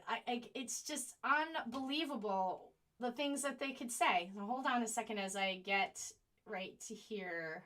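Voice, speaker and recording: A woman with a bright, clear voice hosts a live online stream. She talks straight to her viewers, indignant one moment and apologetic the next as she hunts for links on a slow computer. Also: mid-range voice. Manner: animated, indignant. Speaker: online show host.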